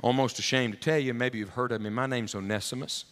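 A male preacher voicing a humble, ashamed runaway slave who speaks quietly and softly. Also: medium pitch, fairly even intonation, fast talker, big-room sound, close to an everyday voice. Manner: quiet, humble, soft-spoken.

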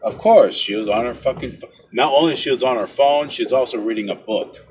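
A man's voice: medium pitch, fairly quick, a little mellow. A man riding along in a car in traffic, cursing at other drivers and teasing his friend. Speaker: passenger. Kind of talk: casual chat. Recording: road noise inside a car.

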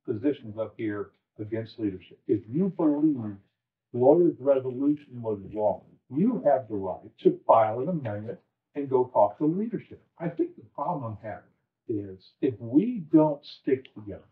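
A man's voice: mid-range voice, sing-song, moderate pace, far from the mic. A man, a state legislator, giving a fiery, emphatic speech at a closed-door meeting that builds to anger. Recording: tinny leaked phone-like recording.

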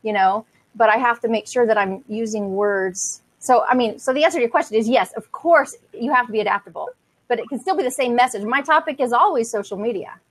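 A woman's voice: fairly high pitch, a little fast, rough recording. Chatty woman speaker on a panel. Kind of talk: conversational discussion.

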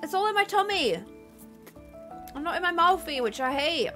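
A woman's voice: very high-pitched, lively intonation, moderate pace, bright, forceful tone, faint music behind. A woman streaming a game live, chatting bubbly with dramatic exclamations and thanking viewers. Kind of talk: live gameplay stream chat.

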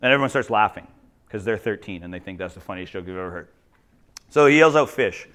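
A man from Ontario, a teacher telling jokey, animated stories in a conference talk. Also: fairly low pitch, fast talker, smooth. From Ontario, Canada. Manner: animated, jokey, acts out quoted voices. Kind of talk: humorous storytelling presentation.

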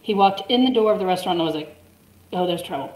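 A woman's voice: medium pitch, animated, very fast, darkish tone, slight background noise. A woman in her forties telling a story in casual chat, chatty and laughing often. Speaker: guest. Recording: roomy echo.

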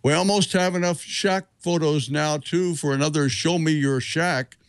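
Middle-aged host guy, steady announcements, slightly high voice, dry sound. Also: moderate pace, no echo. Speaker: show host. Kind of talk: scripted announcements.

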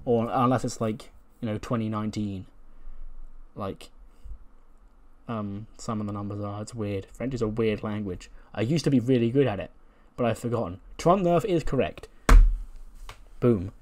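In a casual play-by-play of a wrestling sim game, a man narrates his own playthrough in a chatty way, laughing at his jokes and swearing now and then. His voice is fairly low and darkish, with a steady tone and moderate pace.

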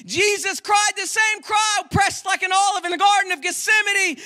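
A man preaches from a church pulpit in a very high, ringing voice. His delivery is fervent and rises into shouts. He also slips into quick, quiet joking asides. The tone stays bright and cutting throughout. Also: steady tone. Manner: impassioned preaching that swells into shouts. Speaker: guest preacher. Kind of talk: sermon.

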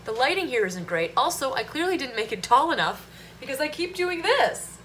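A woman's voice: high voice, big pitch swings, normal speed, a bit bright, reverberant, slight background noise, poor audio. A woman in her thirties vlogging casually from her home kitchen, chatty and jokey, slipping into silly sung bits. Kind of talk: casual vlog chat. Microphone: camera on a tripod.

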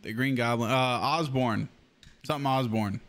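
A young man casually commenting on his gameplay as a streamer, excitable and swearing often. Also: mid-range voice, moderate pace.

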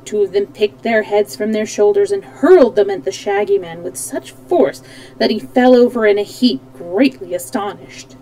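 A woman's voice: medium pitch, normal speed, warm tone, low-quality recording. A woman reading a children's storybook aloud, animating the characters and correcting small slips as she goes. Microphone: streaming microphone.

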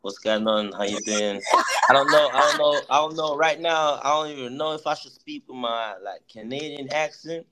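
A man's voice: mid-range voice, normal speed, a loud crowd, low-quality recording. A man guest on a radio interview, playful and joking in casual chat. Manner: playful, joking, laughs often. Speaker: guest musician and comedian.

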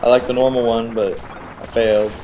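A man giving casual, excitable commentary while playing a video game, cheering on the character and guessing at the boss's moves. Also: medium pitch, brisk, slight background noise. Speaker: let's play host.

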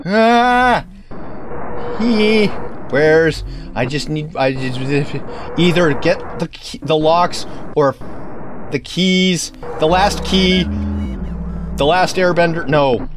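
A man playing a horror maze game, excitably chattering to the game's keys and locks with silly banter and sudden yelps. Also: on the high side, slow, noisy background. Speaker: let's play gamer. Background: game music.

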